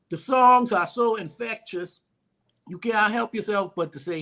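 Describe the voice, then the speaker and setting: A Bahamian man co-hosting a casual talk show, telling stories in an animated way and often restarting his words. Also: high-pitched, unhurried. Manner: animated storyteller, stutters on restarts. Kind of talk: casual chat.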